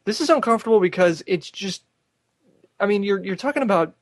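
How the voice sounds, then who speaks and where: A man's voice: sits high, expressive, brisk, dry recording, studio quality. A man hosting a casual podcast, wisecracking and cutting in with one-liners. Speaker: podcast host. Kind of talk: casual chat.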